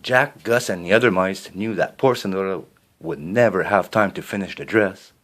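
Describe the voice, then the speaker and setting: A man reading a children's storybook aloud, expressive, with a few small slips and restarts. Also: low-pitched, normal speed.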